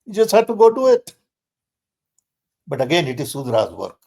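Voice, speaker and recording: Older man, guest speaker, emphatic, insistent, pitch jumps on stressed words. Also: wildly swooping pitch, normal speed, gravelly, darkish tone. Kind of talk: conversational Q&A.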